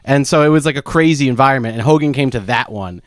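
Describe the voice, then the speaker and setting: A man in his thirties co-hosting a podcast, telling rambling stories in casual chat, full of restarts and fillers, and sometimes shouting out quotes. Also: mid-range voice, fast, no echo, clean studio sound. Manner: rambling, many restarts and "like"s, acts out quotes loudly. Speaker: podcast co-host.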